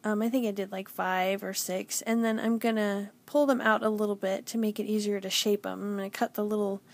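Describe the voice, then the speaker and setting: A woman's voice: medium pitch, little pitch movement, a little fast, creaky. A woman in her forties hosting a stamping craft tutorial, chatty and self-deprecating with many ums. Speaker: stamping demonstrator and channel host. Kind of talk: casual craft tutorial narration.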